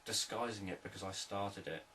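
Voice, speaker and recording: A man, a hypnotherapist, explaining sales techniques in a calm, repetitive, unscripted teaching talk. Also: on the low side, normal speed, far from the mic, slight background noise, low-quality recording.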